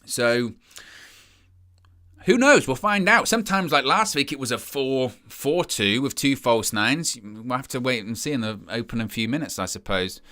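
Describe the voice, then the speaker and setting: This young man's voice sits in the mid-range, expressive and sharp, at a moderate pace. Hosting a live watchalong of a match, he reads out viewer comments and chats loosely, rambling with plenty of restarts and "you know," poking fun at himself as he goes.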